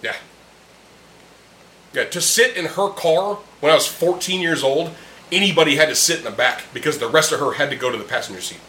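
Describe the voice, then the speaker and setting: A slightly high voice with a bright, forceful tone comes from a man hosting a casual podcast, talking fairly quickly. He shares beers with friends in a room and speaks bluntly and heatedly with lots of swearing, against a roomy echo and faint hum.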